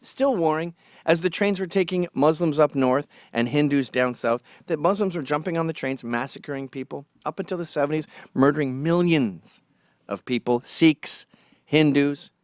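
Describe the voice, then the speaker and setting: A man's voice: fairly high pitch, moderate pace, darkish tone, no echo, clean studio sound. A man delivering a sarcastic, combative opinion monologue as a political commentator.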